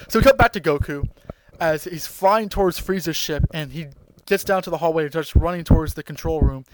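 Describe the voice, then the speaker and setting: A man hosting a podcast, recapping an episode in an excited, rambling way with lots of fillers and restarts. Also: fairly high pitch, fairly quick, rough recording. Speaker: podcast host.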